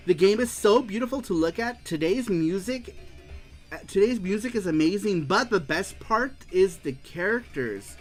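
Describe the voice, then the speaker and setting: Lively upbeat male stream host. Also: sits high, moderate pace, faint music behind. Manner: animated, laughs often, reads aloud. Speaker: host reading viewer answers. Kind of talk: casual livestream chat.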